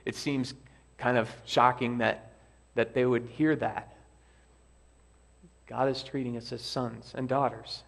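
Guy preaching in church, medium voice, earnest, reads a story out loud with feeling. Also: mid-range voice, slow, vocal fry, long pauses. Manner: earnest, reads quoted lines with lively emphasis. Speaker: pastor. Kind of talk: sermon with a read-aloud story. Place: church sanctuary.

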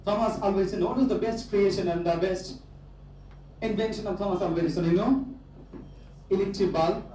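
A man with a Bangladeshi accent delivers an emphatic motivational speech to students, driving home his points by repeating them. His voice sits high but sounds mellow and soft-edged. It comes from far off the microphone in a big echoey hall, with faint noise underneath. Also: brisk. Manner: emphatic, repeats key phrases. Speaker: guest speaker addressing students. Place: large echoey university hall.

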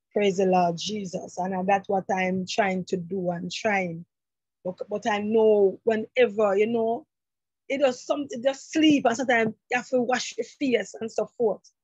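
A woman's voice: on the high side, slightly rough, no room sound, lo-fi sound. A middle-aged woman exhorting a congregation, fervent and fond of repeating "praise the Lord" and "brethren.". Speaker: church member giving a testimony. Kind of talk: church exhortation. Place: church sanctuary.

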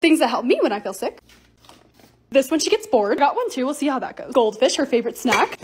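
A woman's voice: high-pitched, very animated, brisk, background noise. A woman in her twenties narrating a casual lifestyle vlog, bubbly and gushing over cute things. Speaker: lifestyle content creator.

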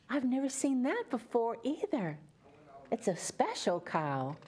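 Sing-song storyteller woman from Louisiana, lively. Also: a little high, measured pace, husky. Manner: sing-song, coaxing, speaks to young children. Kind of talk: children's story time reading.

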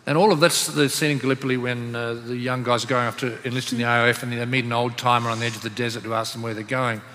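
Australian man chairing a panel, bright voice. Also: medium pitch, flat delivery, quick pace. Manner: easygoing anecdotal storyteller. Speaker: panel moderator. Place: conference hall. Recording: reverberant hall with faint room noise.

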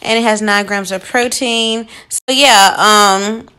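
A young woman talking casually to her viewers in a vlog, chatty and quick to laugh, calling them y'all. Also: mid-range voice, fairly even intonation, pushed and bright, clear, resonant tone. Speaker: vlogger.

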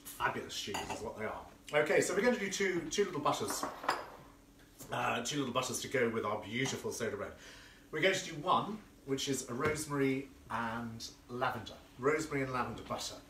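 Camp, gushing male host for a live kitchen stream, mid pitch, roomy and distant, with cutlery clatter behind. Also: animated, fairly quick, sharp tone, slight background noise. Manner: camp, effusive, chatty, reads out viewer comments. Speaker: florist hosting a live cooking stream. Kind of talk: casual live cooking demo. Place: home kitchen. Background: clinking cutlery and dishes.

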